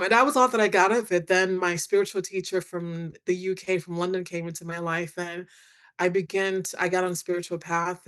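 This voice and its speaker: A middle-aged woman, a guest on a podcast, candidly telling her story in a chatty, animated way, with many fillers and lots of quoted dialogue. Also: on the low side. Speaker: guest, attorney and author.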